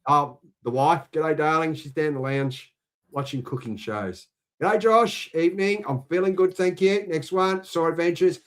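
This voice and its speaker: A middle-aged Australian man on a relaxed livestream, his voice sitting a little high as he chats away and greets viewers by name. Friendly and talkative, he keeps it casual. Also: a little slow. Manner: chatty, reading out viewer shout-outs. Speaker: livestream co-host. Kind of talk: casual chat.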